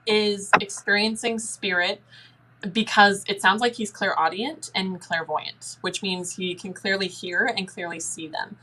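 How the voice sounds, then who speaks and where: A young woman answering listener questions as a guest in a paranormal Q&A, chatty and lively, often acting out little dialogues. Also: measured pace, slight background noise, rough recording. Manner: chatty, acts out dialogue in a higher voice.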